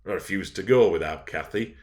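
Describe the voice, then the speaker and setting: A man narrating a classic novel in a measured, expressive storytelling manner. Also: low voice. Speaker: audiobook narrator. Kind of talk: dramatic novel reading.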